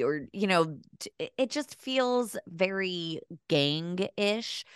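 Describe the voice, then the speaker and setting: A woman's voice: medium pitch, expressive, slow pace, a bit bright, smooth, no room sound, clean studio sound. A woman co-hosting a podcast in casual chat, opinionated and laughing often. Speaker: podcast co-host.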